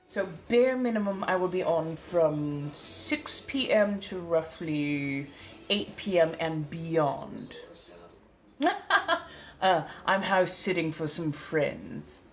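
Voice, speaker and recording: With a deep voice and faint music playing behind her, a woman chats on a livestream in character as a refined, centuries-old vampire. She uses a colonial American accent from the 1700s, stays genteel and unhurried, and affectionately calls her viewers darling.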